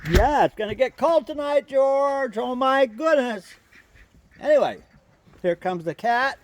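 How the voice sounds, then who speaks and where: A man chatting casually to his viewers and coaxing his pet goose along in a gentle way. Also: very high-pitched, expressive, measured pace, a little hiss or hum. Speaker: vlogger and pet goose owner. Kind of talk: casual chat to camera and pets.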